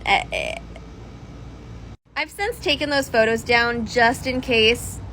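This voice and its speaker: A woman's voice: a little high, slow, sharp tone, a little hiss or hum, poor audio. A young woman in a casual social media video, defending herself with hesitant fillers.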